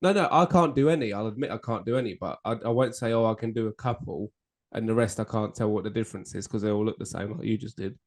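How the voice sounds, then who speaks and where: A man's voice: fairly low pitch, fast talker, hardly any pauses. A man co-hosting a casual drinks podcast, swearing, laughing and teasing his friend. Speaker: podcast co-host. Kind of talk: casual banter over drinks.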